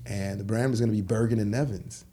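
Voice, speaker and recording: With a fairly low pitch and a quick pace, a man talks over crowd noise as a guest on a casual interview. He founded a clothing store, and he recounts business stories with animation, performing the lines of the people he quotes.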